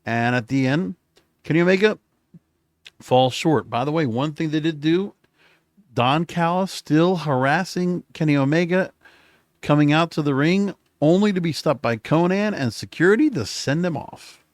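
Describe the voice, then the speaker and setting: A man's voice: a little high, normal speed, dry recording, studio quality. A man hosting a solo podcast, recapping in a casual, rambling way with frequent self-corrections, recording late at night. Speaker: podcast host.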